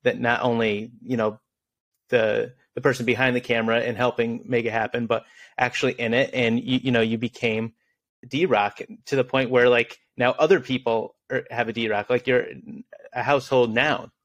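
A man's voice: mid-range voice, little pitch movement, moderate pace, a bit bright, dry recording. A man hosts a casual interview podcast, speaking in a medium voice. He asks chatty, meandering questions and fills the gaps with "you know" and "like.". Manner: friendly, chatty questions with fillers. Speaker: podcast host.

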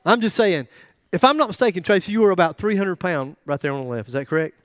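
A man's voice: high voice, lively intonation, quick pace, fairly bright tone, no room sound. A middle-aged man preaching a sermon in a joking, conversational way, with asides to the congregation. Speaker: pastor.

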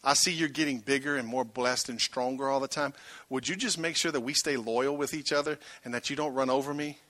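Wary old king guy pleading for a deal, bright crisp voice as a preacher acts him out. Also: mid-range voice, fairly even intonation, a little fast, no echo, voice pushed down, close to an everyday voice. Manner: casual modern phrasing.

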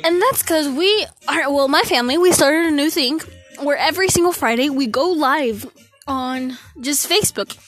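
Teenage girl, high voice, out of breath, rambling podcast chat, phone mic, bedroom, faint music behind. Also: normal speed, fairly bright tone. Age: teens. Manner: rambling, giggly, loses her train of thought. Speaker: podcast host. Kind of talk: casual solo podcast chat. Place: her bedroom.

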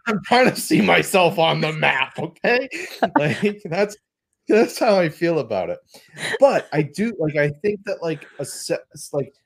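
A man hosting a podcast in casual chat, animated and rambling, often laughing. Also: fairly high pitch, a little slow, creaky, husky. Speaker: podcast host.

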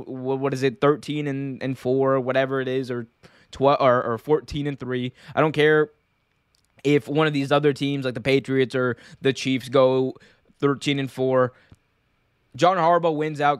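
A young man hosting a casual, opinionated sports commentary show, animated and full of restarts. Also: medium pitch, clear, resonant tone, no echo, studio quality.

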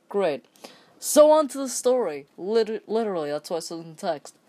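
A woman's voice: low-pitched, dark tone. A woman from England, casually reading an online story aloud and breaking off into rambling, sweary asides and stumbles. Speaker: story reader.

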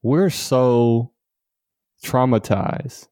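A man's voice: medium pitch, very slow, warm tone, no room sound, clean studio sound. A man, the guest author in a podcast interview, telling personal stories earnestly and emphatically, repeating words for stress and laughing often between points. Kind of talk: conversational storytelling interview.

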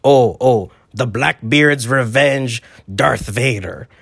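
A man playing a bumbling male pirate captain with a gruff growl and drawn-out words. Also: medium pitch, fairly bright tone, no echo, heavily acted.

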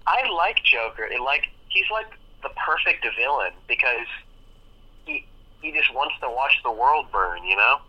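A man's voice: medium pitch, lively intonation, a little slow. A laid-back, joking man chatting as a guest over a phone held up to the microphone. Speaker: guest on call. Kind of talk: casual chat over phone. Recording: tinny phone line held to mic.

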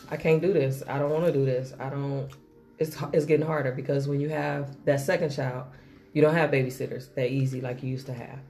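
Low-voiced, frank woman in chat. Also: dark tone. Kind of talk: casual chat.

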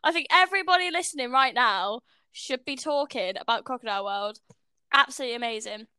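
A young woman co-hosting a podcast, giggly and animated in casual chat. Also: high voice, a little fast, clean tone, dry recording. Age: young adult. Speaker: podcast co-host.

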